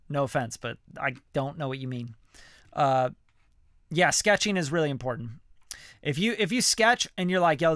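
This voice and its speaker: Bright, crisp-voiced man talking loosely. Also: a little high, no room sound, clean studio sound. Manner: loose and chatty, full of fillers and slang, swears casually. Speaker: music producer mentoring viewers. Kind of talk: casual livestream Q&A.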